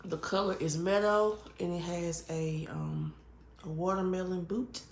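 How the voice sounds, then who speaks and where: A fairly low-voiced woman chats casually and rambles, full of ums and restarts, with an occasional cough. She sounds echoey, as if in a bare room. Faint noise sits behind her. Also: steady tone, measured pace. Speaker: vlogger. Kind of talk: casual chat while crafting.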